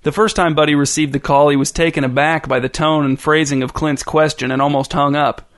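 Man, storybook narrator, dry, wry, slightly high voice. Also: steady tone, brisk.

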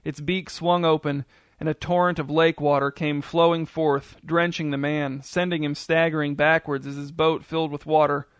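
A man's voice: fairly high pitch, moderate pace, clear, resonant tone, dry recording. Man narrating a story in a dry close voice. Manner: steady, descriptive storytelling.

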